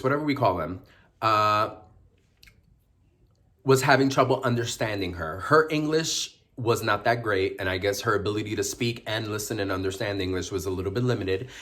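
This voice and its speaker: A man casually telling personal stories to the camera in a chatty, animated way. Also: on the low side. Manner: chatty, animated, with dramatic outbursts. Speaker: vlogger. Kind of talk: casual storytelling vlog.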